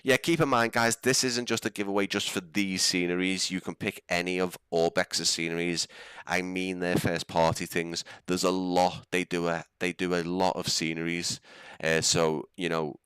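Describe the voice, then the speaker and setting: A man's voice: low voice, level tone, moderate pace, fairly bright tone, clear, resonant tone, no room sound, clean studio sound. A young man with a Scouse accent, rambling and laughing as he chats through a live stream. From England. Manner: chatty, rambling, laughs often. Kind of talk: casual live-stream chat.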